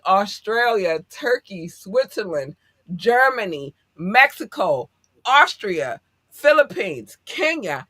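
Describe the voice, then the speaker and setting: A woman's voice: medium pitch, bright, forceful tone, no room sound, studio quality. A woman co-hosting a podcast in casual chat, effusive and affectionate, laughing often as she talks to listeners. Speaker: podcast co-host.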